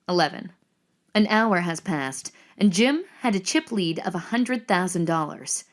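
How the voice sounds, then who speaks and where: Measured woman reading screenplay narration. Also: mid-range voice. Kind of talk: reading screenplay action lines.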